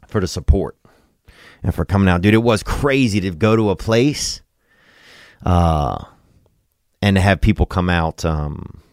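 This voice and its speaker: A man with a drawl hosts a podcast, and his voice sits a little low. He talks in a loose, rambling, joking way. He is recorded close and dry, with no room sound. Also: no echo. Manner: laid-back, rambling, joking. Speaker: podcast host. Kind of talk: casual podcast chat and ad read.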